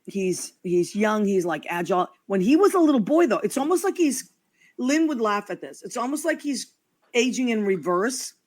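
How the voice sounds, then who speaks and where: A woman's voice: mid-range voice, very animated, moderate pace, darkish tone. Gushing, affectionate woman host. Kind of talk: casual chat.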